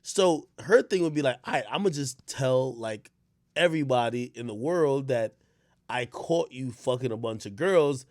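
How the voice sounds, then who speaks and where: A man talking casually on his stream, rambling with stammered restarts, dropping to low mutters and rising to shouts. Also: animated, moderate pace, no echo, studio quality. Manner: frequent stammered restarts and fillers. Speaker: streamer host.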